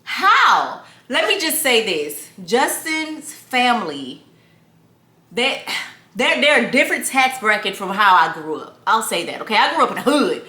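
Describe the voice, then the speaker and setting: Recorded in a room with noticeable echo, a young woman vlogs casually, telling stories animatedly and speaking right to her audience as a lifestyle vlogger. Her voice is a little high and her pace moderate.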